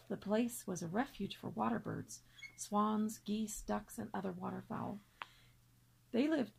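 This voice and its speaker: A woman's voice: mid-range voice, creaky, a little mellow, husky. A woman reading a children's novel aloud, with small slips and restarts. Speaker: reader.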